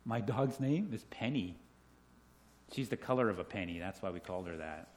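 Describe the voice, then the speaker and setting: A middle-aged man telling children a story, animated, asking them questions and laughing along with them. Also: fairly low pitch, normal speed. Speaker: children's talk leader. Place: indoors with a group of children.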